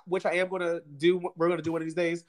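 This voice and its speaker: A man's voice: fairly high pitch, little pitch movement, rapid-fire. A man co-hosting a podcast in loose, joking casual chat, laughing often between lines. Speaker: podcast co-host.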